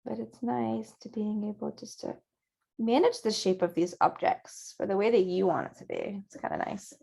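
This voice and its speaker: Woman, painting instructor, gentle and encouraging, mid-pitched, close mic. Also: moderate pace, gravelly, husky. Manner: gentle, encouraging step-by-step guidance. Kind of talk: live virtual painting class.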